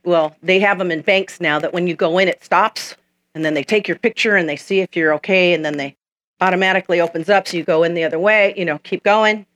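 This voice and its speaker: Bright-voiced woman preaching emphatically. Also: fairly low pitch, a little fast. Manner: emphatic, repetitive storytelling. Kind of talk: sermon.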